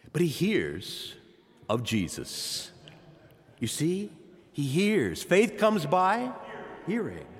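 A man preaching a sermon, addressing the congregation directly with impassioned delivery. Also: fairly high pitch. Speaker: pastor. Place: church sanctuary. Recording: long church reverb.

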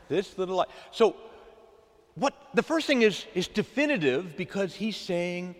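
Animated male preacher in an echoing church. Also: sits high, normal speed. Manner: animated call-and-response with the congregation. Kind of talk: sermon. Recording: long hall reverb.

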